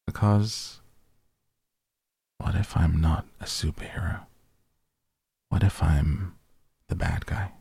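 A man's voice: low-pitched, slow pace, creaky, pauses often, warm tone, husky, no room sound, exaggerated voice. A man reading as a teasing, guarded teenage boy.

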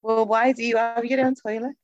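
A woman's voice: a little high, level tone, a little fast, dry recording. A woman co-hosting a podcast over a remote call, cheeky and blunt, laughing often. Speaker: podcast co-host. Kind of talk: casual chat. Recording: dull remote call audio.

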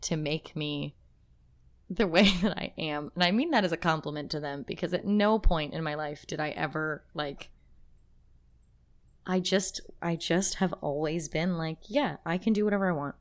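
Lower-voiced woman, emotional podcast host. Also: moderate pace. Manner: emotional, rambling, with frequent restarts and laughter. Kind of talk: casual chat.

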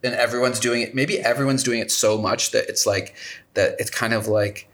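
A man's voice: medium pitch, steady tone, normal speed, fairly bright tone. A man co-hosting a casual chat, recapping a show in a rambling, wry way and often correcting himself. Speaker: podcast co-host.

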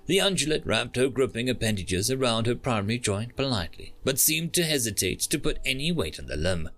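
A man narrating a science fiction short story in a calm, measured reading. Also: medium pitch, soft background music.

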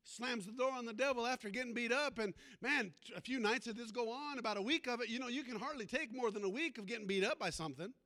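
A man's voice: extremely high pitch, fast talker, few pauses, bright, forceful tone. A male pastor preaching a sermon, telling a story and calling out to the congregation for amens. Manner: storytelling preacher with call-and-response.

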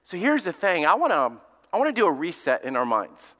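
A man's voice: high-pitched, huge pitch swings, fairly quick, sharp tone, big-room sound. A male pastor from Alabama with a Southern accent, preaching a conversational sermon and telling stories with lots of fillers and restarts. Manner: casual storytelling with many fillers and restarts. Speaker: lead pastor.

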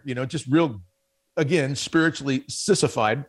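A man on a radio show telling a self-mocking personal story in an animated way. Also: medium pitch, normal speed. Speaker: guest speaker on spiritual life.

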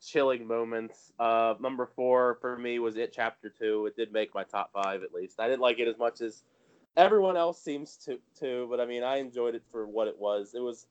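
A man's voice: medium pitch, normal speed, smooth. A man in a casual chat, rambling and correcting himself as he goes. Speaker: podcast host. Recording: dull lo-fi sound.

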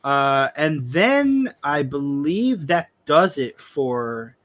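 A man's voice: a little high, very animated, fairly bright tone. A young man co-hosting a football podcast, chatty and joking in casual talk. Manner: chatty, joking, quick restarts. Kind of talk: casual chat.

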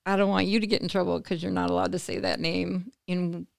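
Interview guest: woman from the US, low gravelly voice, dry close sound, lively storyteller who acts out quoted lines. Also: brisk, dry recording. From United States. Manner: animated, acts out quoted voices, laughs between phrases. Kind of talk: conversational storytelling.

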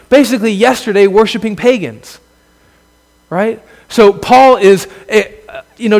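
A pastor preaches in an earnest sermon voice that swells into emphatic exclamations and then sinks low. His voice sits high for a man. A long reverb hangs after every phrase, as in a large church hall.

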